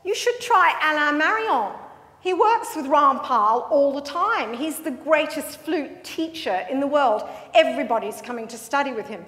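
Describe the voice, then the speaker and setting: Lady doing a cheeky english bloke, high and camp, echoey hall. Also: moderate pace, a bit bright. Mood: chummy. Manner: chummy, theatrical, full of endearments. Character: camp, teasing young Englishman, flute student.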